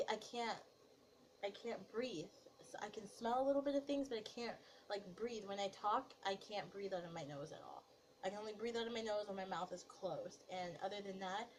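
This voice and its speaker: A young woman in her twenties with a nasal, slightly deep voice. She chats casually in a get-to-know-me vlog, rambling loosely and leaning on fillers, at an ordinary middle pitch. Faint background noise sits under the recording. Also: poor audio. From Italy. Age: 20s. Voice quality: nasal, deeper voice. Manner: chatty, rambling with many fillers. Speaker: vlogger.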